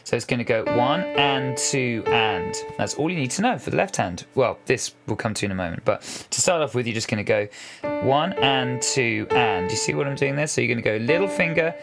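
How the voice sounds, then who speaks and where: Man teaching piano over loud playing. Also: medium pitch, expressive, quick pace, creaky, hardly any pauses. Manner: patient, chatty, counts beats aloud. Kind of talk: casual step-by-step piano lesson. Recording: piano music loud under voice.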